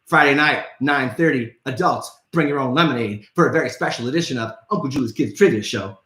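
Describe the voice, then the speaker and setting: Brief: man hosting a kids' show, bright forceful voice, swoops up and down, echoey room. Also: medium pitch, fairly quick. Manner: playful, theatrical, calls out to viewers. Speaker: kids' trivia show host. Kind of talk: upbeat live show for children.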